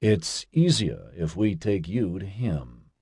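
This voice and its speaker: A man voicing a polite, clipped official who speaks slowly and formally. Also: low-pitched, sing-song, a little mellow, husky, dry recording, studio quality, full character voice. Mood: curt.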